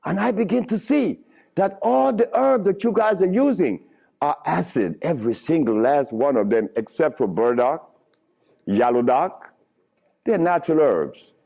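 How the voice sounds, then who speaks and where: Animated man lecturing on a lo-fi tape. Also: fairly high pitch, normal speed, vocal fry. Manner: animated storytelling with frequent chuckles. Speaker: lecturer on herbal healing. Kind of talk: lecture to a live audience. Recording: lo-fi archival lecture recording.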